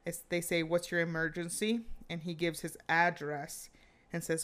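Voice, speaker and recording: A woman chatting casually, retelling a true-crime story with animated quoted lines and frequent fillers. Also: deep voice, a little slow, creaky, clean tone.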